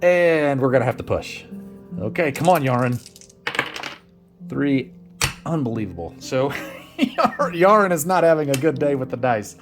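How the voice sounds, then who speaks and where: A chatty man narrates his solo tabletop game, thinking aloud and laughing at the dice. His voice sits at a middle male pitch, with faint music running underneath. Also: lively intonation, unhurried, pauses often.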